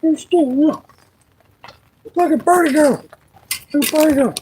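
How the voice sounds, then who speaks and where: A man live streaming while fishing from a boat outdoors, excitable and joking, with frequent swearing. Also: very high-pitched, measured pace, long pauses, a little hiss or hum. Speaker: livestreamer.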